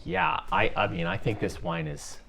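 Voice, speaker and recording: A man's voice: deep voice, moderate pace, a little hiss or hum. A man hosting a casual wine tasting, joking and bantering with a friend. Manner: jokey, animated, playful banter. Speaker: wine reviewer host.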